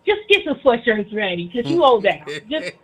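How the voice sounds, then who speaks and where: A woman chatting casually on a talk show, animated and teasing, laughing often. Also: fairly high pitch, normal speed, poor audio.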